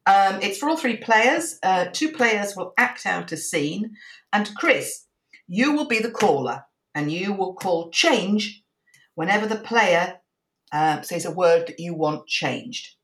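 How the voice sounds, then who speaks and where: A woman's voice: medium pitch, expressive, fairly bright tone. Woman host in an echoey room. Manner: casual, halting with fillers. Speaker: improv show host. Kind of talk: explaining a game to players.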